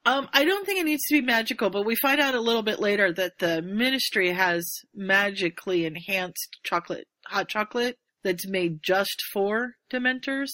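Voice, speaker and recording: A woman retells a story to her co-host in a lively, animated way, slipping into quoted voices. She talks casually at a medium pitch. The recording is close and dry. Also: moderate pace, hardly any pauses, no room sound. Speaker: podcast co-host recapping a story. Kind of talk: casual chat.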